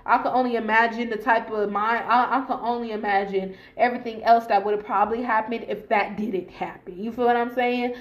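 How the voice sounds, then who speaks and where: A podcast host speaks directly to her listeners in a casual motivational monologue, delivered in slangy, profane bursts and repeated for emphasis. Her voice sits a little higher than most women's, steady and brisk with few pauses, in an echoey room with the highs cut off.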